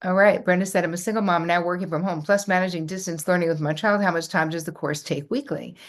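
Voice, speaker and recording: A woman's voice: fairly low pitch, fairly even intonation, fast. A middle-aged woman hosting a live workshop, reading out viewer comments and answering them with effusive enthusiasm. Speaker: host.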